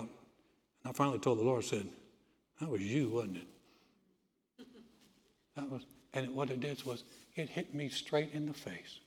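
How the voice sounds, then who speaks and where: A man preaching a folksy sermon to a congregation, dropping to a hushed voice when he tells stories. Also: mid-range voice, long reverb tail. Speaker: pastor.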